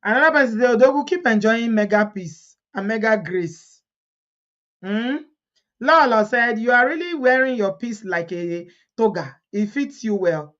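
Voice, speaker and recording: Animated Nigerian woman reading comments. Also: fairly high pitch, moderate pace, muffled recording. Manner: animated, laughs often, reads comments aloud. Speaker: commentary vlogger. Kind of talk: casual gossip commentary.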